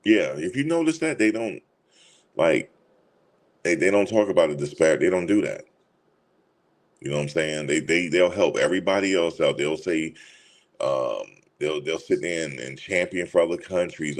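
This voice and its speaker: A man with a very deep, low voice talks in a loose, casual way. He is blunt, repeats his points, and speaks straight to his listeners as y'all. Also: moderate pace. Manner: blunt, informal, repeats himself for emphasis; addresses listeners directly as y'all. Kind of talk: casual opinion talk.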